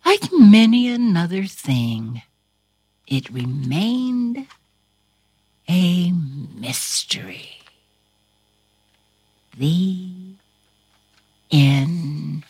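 A woman's voice: fairly low pitch, very animated, extremely slow, pauses often, warm tone, breathy edge, no room sound. A woman reading a storybook aloud to a listener in a dramatic, theatrical way, dropping into whispers and bursting into exclamations. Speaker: storybook reader.

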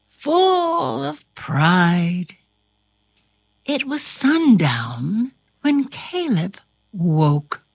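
A woman reading a fairy tale aloud with very expressive, dramatic delivery. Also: husky, no room sound, studio quality. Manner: highly expressive, slow and dramatic. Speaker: storyteller. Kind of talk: storybook read-aloud.

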